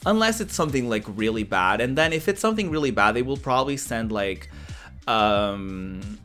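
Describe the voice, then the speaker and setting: A man casually chatting on a livestream, rambling with lots of filler words and animated storytelling. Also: fairly low pitch. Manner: animated storytelling, laughs often. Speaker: streamer.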